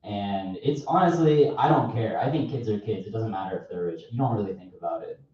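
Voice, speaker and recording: Young male comic, casual self-mocking stand-up, mid pitch, recorded from afar with dull sound. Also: brisk. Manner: offhand, rambling, self-mocking. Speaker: stand-up comedian. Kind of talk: stand-up set. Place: comedy club stage. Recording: echoey, distant, dull live club recording.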